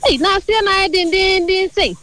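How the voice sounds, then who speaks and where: A woman, a contestant acting out a comedic ad skit in an animated, chatty way. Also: very high-pitched, fairly quick, soft background music.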